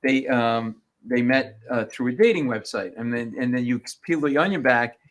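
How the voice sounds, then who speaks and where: A man, a comedian, telling stories on a radio show and acting out the people in them. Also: normal speed. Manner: animated storyteller, acts out quoted people in rising pitch. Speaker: comedian guest.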